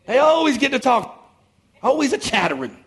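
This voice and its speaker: A man's voice: very high voice, very animated, normal speed, fairly bright tone. A man preaching a sermon as pastor, emphatic and calling out to his congregation for responses in a church. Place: church sanctuary before a congregation.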